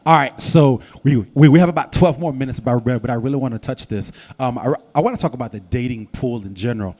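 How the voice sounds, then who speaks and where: A man moderates a church panel discussion at an ordinary, middle pitch. He keeps things moving by affirming answers with repeated short phrases and inviting the next speaker in. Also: fast, a little mellow.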